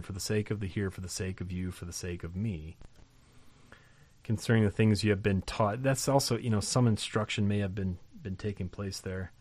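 A man hosting a podcast Bible lesson, animated in talk and reading scripture slowly and weightily. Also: fairly low pitch, no echo.

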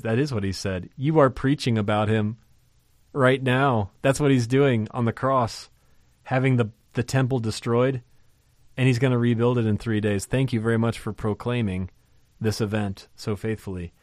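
A man teaching from a scripture passage in a conversational but emphatic way, often pausing to ask rhetorical questions. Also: mid-range voice, fairly even intonation, no room sound, studio quality. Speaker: Bible teacher.

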